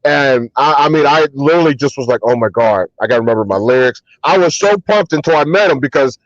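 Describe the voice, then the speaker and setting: A man, a hip hop artist and DJ, telling relaxed anecdotes as an interview guest, with many ums and restarts. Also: medium pitch, fast talker, no room sound, highs cut off. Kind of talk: casual storytelling interview.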